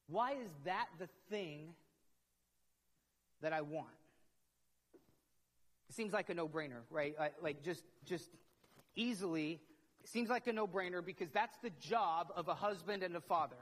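Middle-aged pastor in a reverberant hall. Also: male voice, high voice, unhurried, long pauses, fairly bright tone. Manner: conversational, self-questioning, repeats words when worked up. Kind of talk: sermon.

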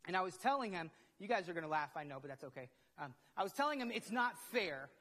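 A man's voice: high-pitched, sing-song, fast, pushed and bright. A middle-aged man, preaching a conversational sermon as a pastor, asking himself questions and repeating words as he builds up. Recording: long hall reverb.

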